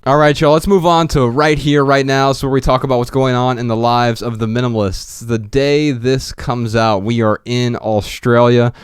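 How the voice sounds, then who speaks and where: A man's voice: mid-range voice, steady tone, moderate pace, hardly any pauses, clean tone, dry recording. A man co-hosting a podcast in casual chat, joking and reading out tour dates and plugs on a studio microphone. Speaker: podcast co-host.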